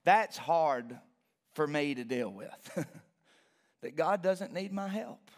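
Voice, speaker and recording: A man's voice: on the high side, animated, slow pace. A male pastor preaching a passionate sermon in a church, repeating key phrases and building emphasis. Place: church sanctuary.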